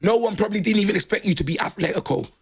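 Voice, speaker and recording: A man delivering a comic, shouty football rant with slang tags after every line, his voice hoarse and raspy. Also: sits high, lively intonation, racing. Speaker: football fan ranting on video.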